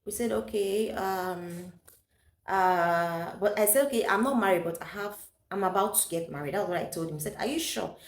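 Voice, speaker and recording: A woman's voice: medium pitch, normal speed. Woman, Nigerian accent, chatty storytelling vlogger, Pidgin phrases, echoey room. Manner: chatty, mixes in Pidgin English, laughs often. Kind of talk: personal storytelling.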